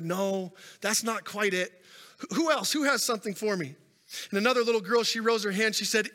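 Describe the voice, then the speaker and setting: A man preaching from the stage with a high, bright voice, building his stories up and then dropping to a hush. His words carry a long reverb through a large church sanctuary, picked up by a stage microphone. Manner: storytelling preacher, rising and falling intensity. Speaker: pastor. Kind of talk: sermon.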